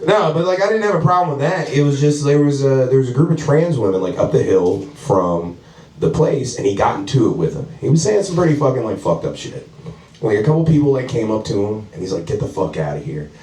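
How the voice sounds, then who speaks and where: A man's voice: mid-range voice, lively intonation, brisk, a little mellow. Guy doing stand-up at a house show, swears a lot, laughs thru his own bits, roomy sound, kinda far from the mic. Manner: profane, rambling, laughing through lines. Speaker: stand-up comedian. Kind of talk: stand-up comedy set. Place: house comedy show, indoors. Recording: roomy live venue, mic from afar.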